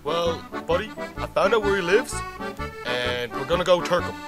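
A man's voice: a little high, expressive, moderate pace, over music. A young man with a Newfoundland accent, talking in laid-back, swearing slang in a comedy sketch. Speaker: sketch performer.

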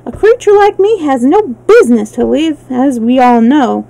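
A woman voicing a blunt, rough-voiced living sawhorse in a storybook reading. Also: high voice, sing-song, normal speed, mellow, voice pushed up, heavily acted, poor audio. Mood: matter-of-fact.

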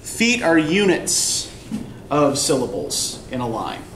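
A man's voice: mid-range voice, big pitch swings, takes it slowly, fairly bright tone. A male college English instructor giving a classroom lecture, explaining step by step and checking in with "right?". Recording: echoey classroom from far off, faint noise.

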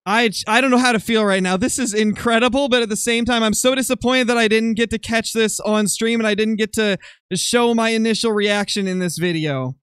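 A young man commentating his hunting game live on stream, excitable and quick to swing into loud frustration. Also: high voice, clear, resonant tone, no echo, studio quality. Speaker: gaming streamer.

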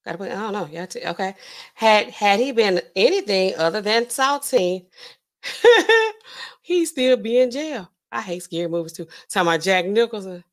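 This pharmacist speaks at a medium pitch and moderate pace while hosting a relaxed livestream. Chatty and animated, she chats loosely with features, answers the chat by reading comments aloud, and laughs frequently with big swings in her voice.

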